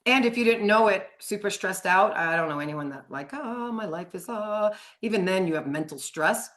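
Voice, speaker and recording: A woman's voice: medium pitch, expressive, normal speed, a bit bright. Chatty, frank middle-aged woman coach. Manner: chatty, frank, swears casually, laughs often. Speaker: sugar addiction coach. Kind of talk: live online training.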